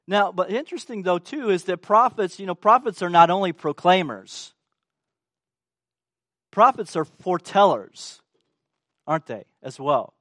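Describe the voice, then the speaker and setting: A man's voice: high voice, expressive, unhurried, long pauses, a bit bright, dry recording, studio quality. A man preaching a sermon, emphatic and asking the congregation rhetorical questions.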